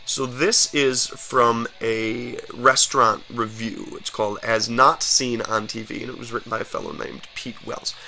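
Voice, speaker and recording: Energetic male grammar teacher. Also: medium pitch, unhurried, creaky, few pauses. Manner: energetic, emphatic, addressing students. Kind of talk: recorded grammar lesson.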